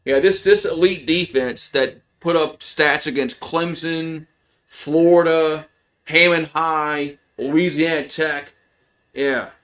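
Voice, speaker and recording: Excitable male fan calling a game. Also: slow pace. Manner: frustrated fan, swearing and rambling with restarts; voice jumps high and loud on big plays. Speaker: livestream play-by-play host. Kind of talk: casual play-by-play commentary.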